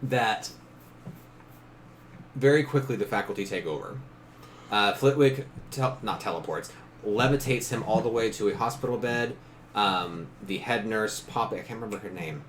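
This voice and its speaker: A man runs a casual tabletop game as game master, narrating, laughing often and briefly voicing characters. His voice is lowish and moderately paced, with slight background noise.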